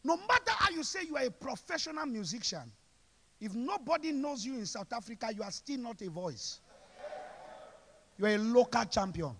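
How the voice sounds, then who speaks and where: A man preaching a sermon at a church service, shouting call-and-response lines and repeating phrases over and over. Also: very high-pitched, sing-song, normal speed, breathy edge.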